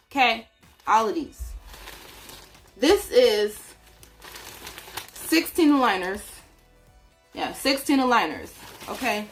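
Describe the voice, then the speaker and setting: A woman's voice: medium pitch, fairly bright tone. A woman vlogger telling a story in a casual way, acting out her own reactions as she goes.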